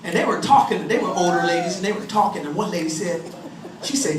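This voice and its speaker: A man's voice: sits high, sing-song, fairly quick. A male stand-up comedian spins rambling jokes, stumbling and restarting as he goes. His voice swoops up and down, picked up from a distance. The room is echoey and noisy. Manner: rambling storytelling with restarts and laughs. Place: comedy venue with live audience. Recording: echoey room recorded from far off.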